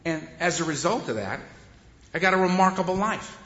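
A man's voice: high-pitched, lively intonation, a little fast, sharp tone. A man speaking at a recovery meeting, telling his own story in a wry, conversational way and often laughing. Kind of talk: humorous personal storytelling. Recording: echoey hall, dull sound.

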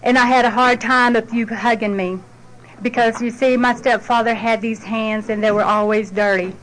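A woman's voice: on the high side, fairly even intonation, normal speed, a bit bright, slight background noise, poor audio. A middle-aged woman, giving a heartfelt personal testimony at a support group meeting in a plain, down-to-earth way.

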